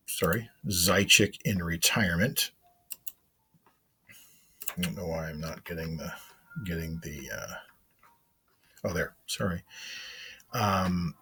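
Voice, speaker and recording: Male teacher, very low and husky voice, casual screen-share walkthrough with frequent ums. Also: fairly bright tone. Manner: casual, meandering, narrating screen clicks with fillers. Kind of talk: recorded screen-share lesson overview.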